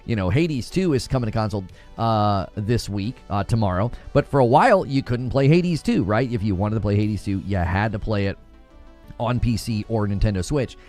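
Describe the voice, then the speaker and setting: A man's voice: on the low side, expressive, normal speed, darkish tone, soft background music. A man hosting a casual podcast discussion, asking curious questions and often restarting his words. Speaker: podcast host.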